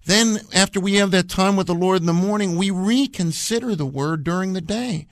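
A man's voice: sits high, moderate pace, dry recording, clean studio sound. A man co-hosting a radio Bible study, talking earnestly and repeating phrases to drive his points home. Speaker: radio program co-host and Bible teacher.

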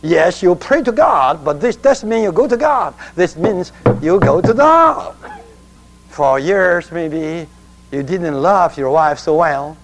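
Male preacher, emphatic sermon delivery, slow with wide pitch swings. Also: expressive, slight background noise, poor audio. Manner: emphatic, leads call-and-response.

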